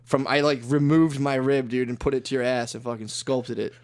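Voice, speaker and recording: A man's voice: medium pitch, steady tone, a little fast, a little mellow. A man co-hosting a podcast, telling rambling, profane stories in casual chat and laughing often. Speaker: podcast co-host.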